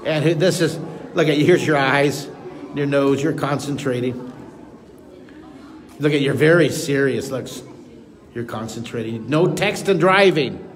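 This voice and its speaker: A middle-aged man leading a live drawing lesson for a school assembly, energetic and encouraging as he talks straight to the kids. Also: medium pitch, unhurried, pauses often. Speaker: drawing teacher.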